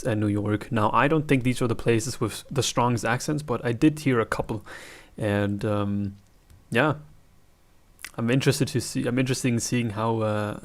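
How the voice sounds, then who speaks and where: A man from Germany with a German accent, chatting casually as he reacts to clips and thinks aloud. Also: medium pitch. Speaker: reaction video host.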